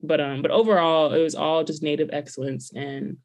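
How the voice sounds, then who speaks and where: A young woman co-hosting a casual chat, telling a story with animated quoted voices. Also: sits low, a little fast. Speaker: podcast co-host.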